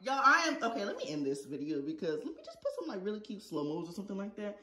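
A woman chatting casually to camera in a beauty vlog, animated and talky, calling her viewers y'all. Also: mid-range voice, quick pace, heavy background noise. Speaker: beauty vlogger. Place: bathroom at home. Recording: echoey bathroom.

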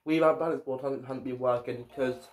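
A man's voice: mid-range voice, steady tone, moderate pace, a little mellow. A man giving casual let's-play commentary as a gaming YouTuber, often stumbling and repeating his words.

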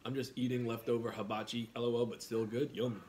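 A man's voice: medium pitch, little pitch movement, fast, background noise. A man from New York with a New York accent, hosting a casual food livestream, eating and reading out viewer comments in an easygoing way.

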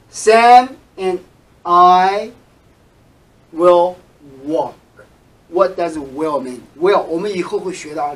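A native Chinese-speaking man teaches an English lesson, sounding out each example sentence with deliberate care. His voice sits high for a man and he takes his time over every word. He sounds a little distant from the microphone. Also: a bit bright. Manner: slow, repeats example sentences carefully, switches between English and Chinese. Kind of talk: bilingual language lesson.

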